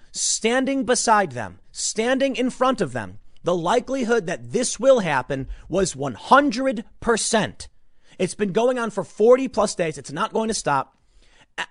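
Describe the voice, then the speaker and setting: A man giving opinionated news commentary, animated and sarcastic, sometimes mocking others in put-on voices. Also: high voice, dry recording, studio quality. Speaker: political commentator.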